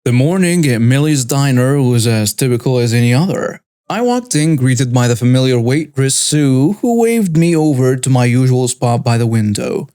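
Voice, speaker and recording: A man's voice: mid-range voice, expressive, moderate pace, hardly any pauses, warm tone, smooth, dry recording. Man narrating a story in a dry booth. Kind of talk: scripted first-person story narration.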